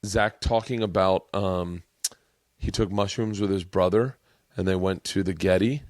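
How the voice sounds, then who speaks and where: A man in his thirties hosts a podcast with a low voice and a dry, close sound. He rambles and swears, jumping into lively stories. It is casual chat among friends. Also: unhurried, dry recording. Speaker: podcast host. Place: home man cave.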